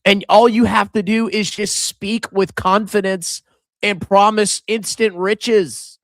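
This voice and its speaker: Reading superchats on his finance livestream, this middle-aged host chats casually and sarcastically, teasing viewers and doing silly voices. He speaks slowly in a high, steady, fairly bright voice, recorded in studio quality without echo.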